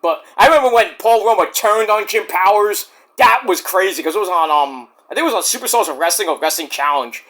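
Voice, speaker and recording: Rambling, animated man reviewing wrestling. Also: high voice, brisk, few pauses. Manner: rambling, profane, many fillers. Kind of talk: casual chat.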